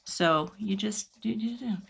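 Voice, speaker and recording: A middle-aged woman teaching cardmaking in a live online demo, chatting and laughing often, her voice dropping low when she concentrates. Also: measured pace, vocal fry, a little hiss or hum. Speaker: cardmaking instructor. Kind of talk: live online craft demonstration.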